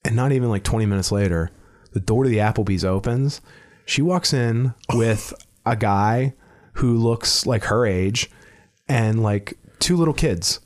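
A man's voice: lowish voice, a little slow. Man rambling a profane story. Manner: rambling, profane, stammering restarts, laughs mid-sentence. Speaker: comedian telling a story on a podcast. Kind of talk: casual storytelling chat.

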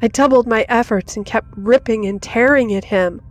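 A woman's voice: on the high side, normal speed. A woman reading a first-person horror story in a dramatic scripted narration. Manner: dramatic, rising to intense in action. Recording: soft music under the voice.

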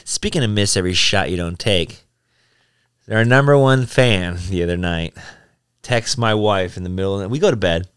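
A man in his thirties, a podcast co-host, telling a story in casual chat, swearing freely, laughing often and acting out quotes loudly. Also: fairly low pitch, moderate pace, clear, resonant tone.

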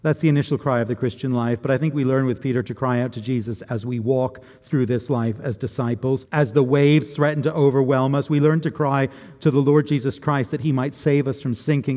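A man's voice: mid-range voice, fairly even intonation, fairly quick, few pauses, warm tone. A man preaching a sermon in an earnest, reflective way, often repeating words as he builds his point. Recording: long reverb of a large hall.

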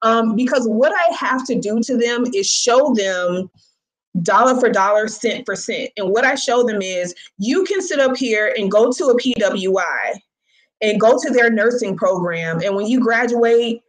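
A woman who works as a senior high school teacher, talking casually and acting out the people she quotes in raised voices. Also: a little slow, poor audio. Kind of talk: casual storytelling talk.

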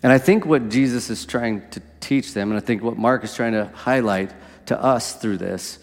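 A man's voice: medium pitch, normal speed. Male preacher, easygoing sermon delivery, mid-range voice, hall echo. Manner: conversational, asks "right?" often.

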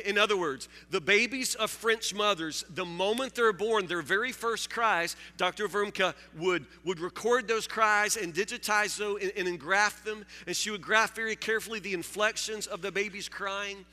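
A man preaching a sermon, halting and repeating words, joking with his listeners. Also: sits high, pushed and bright. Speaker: pastor. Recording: long hall reverb.

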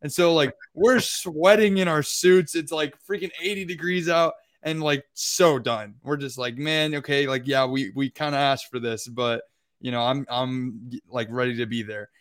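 A young male podcast co-host recounting a trip in a casual, meandering way, full of filler words. His voice sits at an ordinary middle pitch. He comes across as chatty and loose rather than polished. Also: fairly even intonation, normal speed. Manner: rambling, heavy use of filler words. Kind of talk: casual storytelling.

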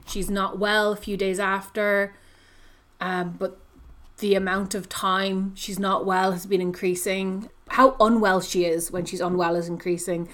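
A woman's voice: medium pitch, flat delivery, unhurried, a bit bright. Woman host, casual chat recapping a novel, chatty, filler-heavy. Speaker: podcast host discussing a book.

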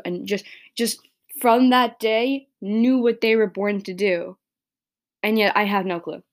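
Rambling emotional teenage girl podcaster. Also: medium pitch. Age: late teens. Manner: rambling, self-interrupting, emotional. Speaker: podcast host. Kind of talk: casual solo rant.

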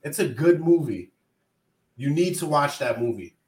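A man's voice: fairly high pitch, expressive, measured pace. A man hosting a casual podcast over a video call, joking, loose and profane. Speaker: podcast host. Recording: roomy echo, faint noise.

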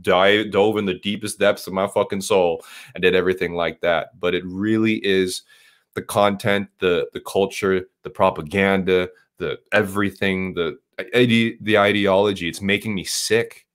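A man's voice: sits low, steady tone, normal speed. A man in casual podcast chat, rambling and emphatic, swearing a lot with frequent restarts.

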